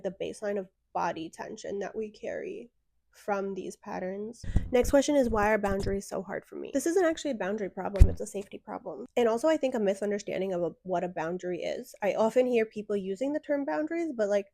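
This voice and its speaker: A woman's voice: mid-range voice, fast talker, gravelly, dark tone, no echo, studio quality. A young woman answering viewer questions about self-worth in a blunt, frank advice talk with sassy asides. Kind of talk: direct-to-camera advice talk.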